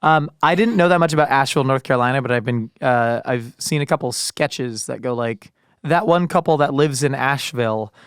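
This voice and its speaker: A man co-hosting a casual podcast, joking and laughing often as he riffs quickly with his co-host. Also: medium pitch, smooth, no echo, studio quality. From California.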